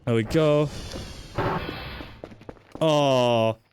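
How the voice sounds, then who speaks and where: A man's voice: medium pitch, drawn-out words, over music. A man streaming a game in casual commentary, chatty, swearing and joking while talking to his chat.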